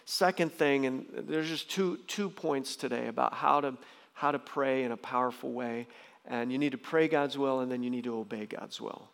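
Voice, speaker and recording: Gravelly pastor preaching with emphatic bursts. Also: male voice, normal speed. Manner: emphatic, swings into loud high bursts. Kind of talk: sermon. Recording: long reverb of a large hall.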